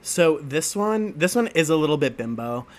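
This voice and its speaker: A man's voice: on the high side, expressive, moderate pace. A man co-hosting a casual podcast chat, telling rambling stories full of fillers and laughter. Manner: rambling, laughing storyteller, heavy on filler words. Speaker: podcast co-host.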